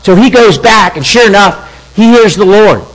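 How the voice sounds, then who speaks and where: A man in his fifties telling a story in a sermon, talking conversationally and acting out quoted speech in lively asides. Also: high voice, moderate pace, poor audio. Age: 50s. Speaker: preacher.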